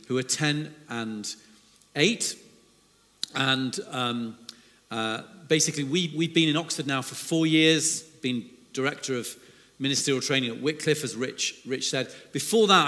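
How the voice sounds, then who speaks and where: A man's voice: mid-range voice, a bit bright. A middle-aged man preaching a sermon as a guest speaker in a church, chatty and fond of self-deprecating jokes. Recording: long hall reverb in a church.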